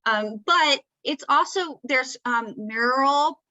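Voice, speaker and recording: A woman's voice: a little high, normal speed, bright, forceful tone, dry recording, rough recording. A woman with a Southern accent giving a conversational talk, often checking in with "right?". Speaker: presenter. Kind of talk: presenting a talk.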